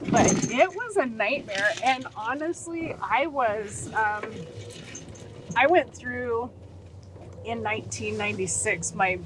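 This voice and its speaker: With background noise behind her, a woman with a higher-leaning voice shares her life story as a podcast guest. She is in her forties, hails from Utah, and brings quoted speakers to life with animated delivery in this storytelling interview.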